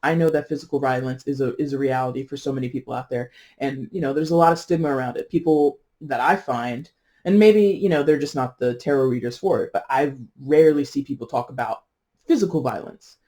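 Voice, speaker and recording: A tarot reader talking through a reading in a casual, digressive way, with many asides, "you know"s and laughs at their own jokes, sometimes slowing to stress key words. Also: mid-range voice, warm tone.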